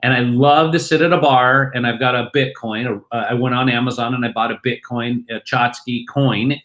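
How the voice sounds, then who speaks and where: A middle-aged man gives an animated interview, pitching his crypto company. He gets excited and acts out little bits of chatter. His voice sits at an ordinary mid pitch. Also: moderate pace.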